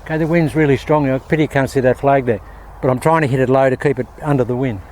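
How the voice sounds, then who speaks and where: An Australian man talks his viewers through golf shots at a windy outdoor range. His voice sits at an ordinary middle pitch, and his delivery is chatty and upbeat. He keeps addressing the audience as friends. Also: quick pace, a little mellow. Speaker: golf instructor. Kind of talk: casual on-course golf instruction.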